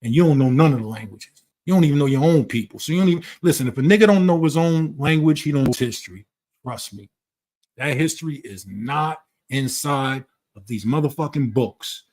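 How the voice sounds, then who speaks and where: A man's voice: medium pitch, expressive, brisk, darkish tone. Blunt, profane man lecturing. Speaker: channel host. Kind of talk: casual conversation.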